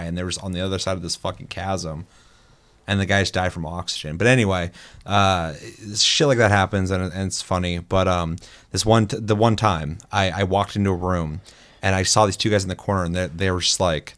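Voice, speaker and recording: Animated young man telling gaming stories. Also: deep voice, brisk. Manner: animated storytelling, acting out quotes, swears often. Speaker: podcast host. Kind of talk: casual chat, storytelling.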